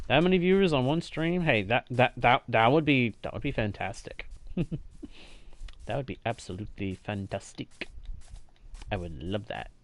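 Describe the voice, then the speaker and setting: With no room sound around him, a man chats casually with viewers during a game livestream, pausing often, thanking them frequently, and laughing easily. His slightly nasal voice is medium in pitch, with lively intonation and a moderate pace.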